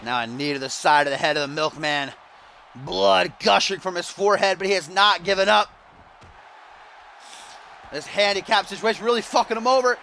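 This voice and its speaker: A man giving excited, shouty play-by-play commentary on a wrestling video game, swearing and getting out of breath. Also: high voice, moderate pace, creaky, long pauses, slight background noise. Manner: shouty, swearing, animated, mock wrestling-announcer delivery.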